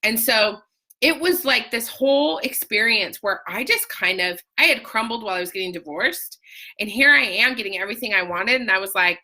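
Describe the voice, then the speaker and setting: Bright, animated woman telling a personal story. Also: moderate pace. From Utah. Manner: emotional, animated storytelling with sudden high-pitched outbursts; greets viewers by name mid-story. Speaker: life coach sharing a personal story. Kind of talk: casual live video talk to viewers.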